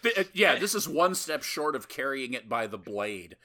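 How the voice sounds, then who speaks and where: Lively-voiced man cracking dry jokes. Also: medium pitch, normal speed. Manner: dry, wisecracking asides. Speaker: podcast co-host. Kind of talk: casual chat.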